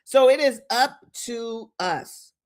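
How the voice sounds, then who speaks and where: On a livestream, the host of a live money-mindset session leads a guided visualization, coaching through slow, repeated affirmations in a mid-pitched voice. He greets chat viewers and preaches in an informal, upbeat way, full of slang, like a pep talk.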